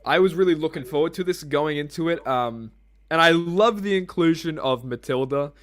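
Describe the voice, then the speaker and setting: A man's voice: fairly high pitch, normal speed, fairly bright tone. A man co-hosting a casual podcast, rambling and swearing freely as he laughs at himself. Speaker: podcast co-host. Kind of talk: casual chat.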